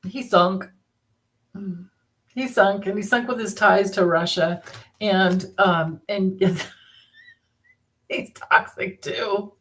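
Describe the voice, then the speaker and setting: Woman host, unhurried easygoing delivery, mid-pitched voice, casual livestream chat. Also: steady tone, fairly bright tone. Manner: unhurried, reads viewer comments aloud, laughs easily. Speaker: tarot reader hosting a livestream. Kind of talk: casual live-stream chat.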